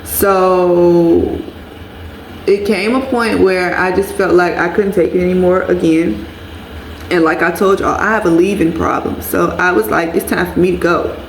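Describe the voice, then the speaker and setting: A woman's voice: on the low side, steady tone, unhurried, reverberant, a little hiss or hum, rough recording. A woman telling a personal story to her viewers in a candid, blunt way, swearing freely and calling them y'all. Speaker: vlogger.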